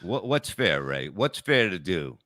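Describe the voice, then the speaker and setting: A man's voice: deep voice, very animated, unhurried, sharp tone, no room sound, studio quality. A man co-hosting a podcast, needling and sarcastic in a heated exchange.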